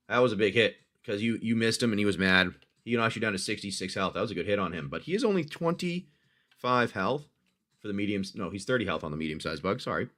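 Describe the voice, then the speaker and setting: A man hosting a livestream, narrating a dice-rolled adventure game for a player he calls his friend and reacting to each roll. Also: fairly low pitch. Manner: chatty, addresses the player as "my friend"; talks through dice rolls, reacts loudly to hits.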